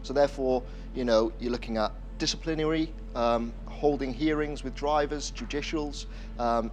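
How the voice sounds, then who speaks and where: A man, a deputy clerk of the course, explaining his volunteer role in a measured, halting way full of fillers and restarts. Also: mid-range voice. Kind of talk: casual explanatory talk to camera.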